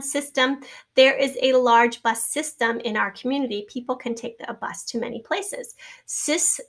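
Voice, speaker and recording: Patient teacher woman spelling out words. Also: fairly high pitch. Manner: patient, spells out letters and sounds, trails into soft asides. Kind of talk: recorded spelling lesson.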